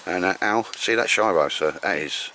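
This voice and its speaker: A man's voice: sits low, normal speed, sharp tone, slight background noise. A man bantering and teasing his mates on a bushcraft outing in the woods, recorded on camera. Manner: joking, teasing, chatty. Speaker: bushcraft vlogger. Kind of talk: casual banter with friends. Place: outdoors in woods on a cold day.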